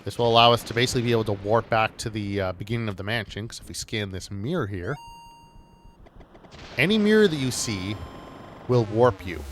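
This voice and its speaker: A man's voice: on the low side, expressive, fairly quick, fairly bright tone, slight background noise. A man casually commenting on a video game he is playing, chatty and rambling. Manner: chatty, rambling, with many fillers and restarts. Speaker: let's play host.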